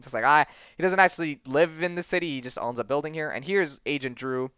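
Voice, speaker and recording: A man's voice: medium pitch, fast, few pauses, fairly bright tone, clean tone, no room sound, dull audio. A young man hosting a casual podcast, rambling through a comic book story with laughs and acted-out lines. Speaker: podcast host.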